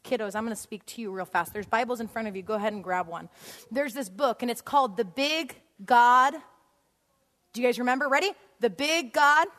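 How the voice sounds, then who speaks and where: A woman giving a storytelling sermon in a church auditorium, animated and laughing often as she acts out scenes. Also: medium pitch. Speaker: guest speaker. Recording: long hall reverb.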